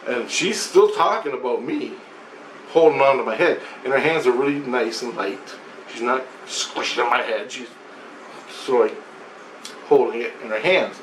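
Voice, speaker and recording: Guy rambling through a weird vision story, swears a lot, keeps restarting, echoey room. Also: medium pitch. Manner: rambling, profane, many restarts and repetitions. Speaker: vlogger. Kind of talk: casual storytelling. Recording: roomy echo, faint background noise.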